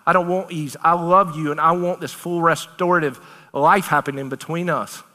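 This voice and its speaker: Male preacher, bright and forceful, emphatic and conversational, long hall reverb. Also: fairly high pitch, normal speed. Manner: animated, emphatic, conversational preaching with Southern turns of phrase. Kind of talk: sermon.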